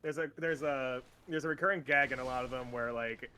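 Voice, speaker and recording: A man's voice: mid-range voice, brisk, bright, forceful tone. A young man streaming a game, chatting casually with friends and laughing often as he retells comedy skits. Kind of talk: casual gaming stream chat.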